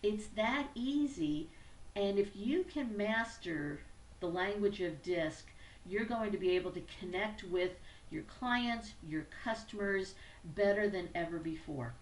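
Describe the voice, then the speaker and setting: A woman's voice: mid-range voice, expressive, measured pace. A woman presenting a business training tutorial in an upbeat, conversational teaching manner. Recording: roomy echo, distant mic, faint background noise.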